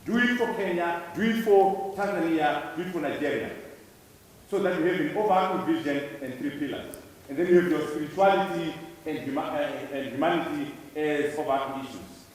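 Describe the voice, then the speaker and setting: Man from Zimbabwe, conference speaker, slightly high voice, emphatic and repetitive, heard from far off in a large echoing hall. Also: a little fast. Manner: emphatic, repeating key words for effect. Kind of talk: public speech to students.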